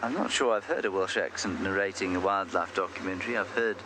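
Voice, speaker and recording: Low-voiced safari guide on a noisy drive. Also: male voice, quick pace. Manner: chatty, self-deprecating storyteller. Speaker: safari guide and live show host. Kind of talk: live safari commentary, casual chat. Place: outdoors in the bush, on a game drive. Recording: noisy outdoor live broadcast.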